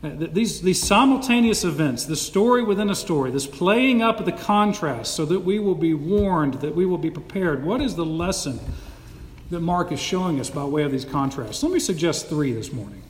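Pastor guy preaching hard, fairly high voice, echoey church room. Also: normal speed. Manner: emphatic preaching, animated, dramatic quotes. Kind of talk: sermon. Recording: echoey hall with long reverb.

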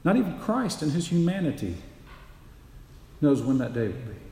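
A man's voice: fairly high pitch, very animated, normal speed, mellow. Man, pastor preaching a sermon, emphatic, repeats key phrases, rhetorical questions, reverberant sanctuary. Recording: echoey hall with long reverb.

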